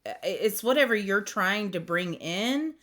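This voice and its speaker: A woman giving a casual, rambling tarot reading, chatty and quick to laugh. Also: mid-range voice, lively intonation, a bit bright. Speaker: tarot reader.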